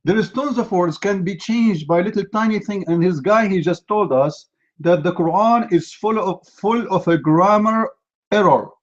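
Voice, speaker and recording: A man hosts a heated live online debate, his voice sitting a little high. He lectures and mocks his opponent combatively. The audio comes through dull and lo-fi. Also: moderate pace. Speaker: debate host.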